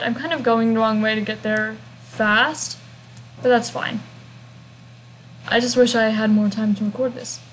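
A woman's voice: fairly high pitch, slight background noise, rough recording. A young woman chatting through a video game walkthrough, rambling casually and humming little fillers as she goes. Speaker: gameplay walkthrough narrator.

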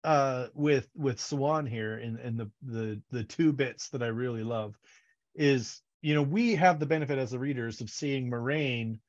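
A man co-hosting a casual fan podcast, animated and laughing, acting out characters' lines as he retells scenes. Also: medium pitch, a little slow. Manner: animated, acts out quotes, laughs often. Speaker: podcast co-host. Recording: dull lo-fi audio.

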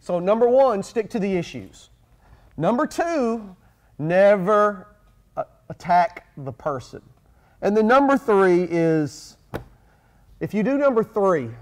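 A male pastor co-hosting a casual talk on marriage. His voice sits a little high for a man, and he drives his points home by repeating key phrases with emphasis. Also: darkish tone. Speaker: pastor and show co-host.

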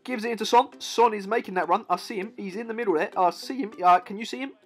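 A man's voice: high-pitched, fast, husky. A young man giving hyped, playful commentary over football game clips, talking straight to the viewer. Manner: excitable, playful, talks to the viewer. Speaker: gaming YouTuber.

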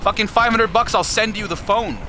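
A man's voice: high voice, fairly quick, bright, forceful tone, a little hiss or hum. A man chatting crudely on a live stream, profane and mocking as he reads messages and asks for donations. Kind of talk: casual live-stream chat.

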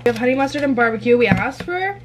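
A woman's voice: on the high side, expressive, quick pace, slight background noise, rough recording. A young woman vlogger chatting casually while eating, giggly and often talking with her mouth full.

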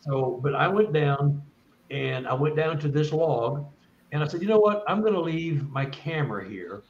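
A man's voice: a little high, animated, normal speed, roomy sound, dull audio, slight background noise. A man, a guest speaker, telling a long first-person story in an earnest, rambling way with many restarts.

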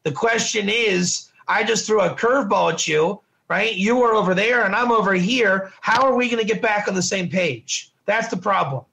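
A middle-aged Torah teacher gives an informal classroom lesson in a high, bright, forceful voice that's creaky, at a moderate pace with hardly any pauses. He's conversational and repetitive, checking in with listeners by asking "right?" again and again.

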